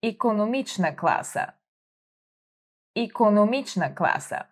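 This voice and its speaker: A woman hosting a vocabulary lesson, speaking slowly and clearly, prompting listeners to repeat words and encouraging them. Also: medium pitch, expressive. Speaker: language teacher host. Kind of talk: slow vocabulary drill lesson.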